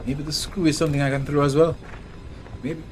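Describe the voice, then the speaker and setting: A man's voice: a little high, level tone, fairly quick, darkish tone, slight background noise. A man streaming a horror game live, talking to himself and taunting the enemy, swearing when things go wrong. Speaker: gaming channel host. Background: game music.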